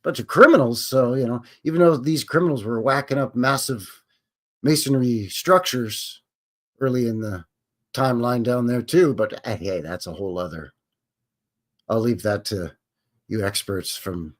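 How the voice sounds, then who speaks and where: A man's voice: mid-range voice, normal speed. A man with a Canadian accent hosting a live stream, chatting casually in a joking, rambling way full of folksy slang. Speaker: host.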